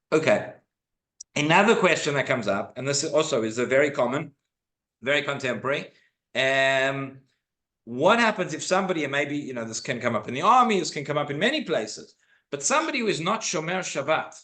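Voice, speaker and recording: Man, rabbi, synagogue class, slightly high voice, explanatory, reads Hebrew quotes. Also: fairly bright tone. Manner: explanatory, with frequent restarts and Hebrew quotations. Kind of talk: informal Torah class lecture.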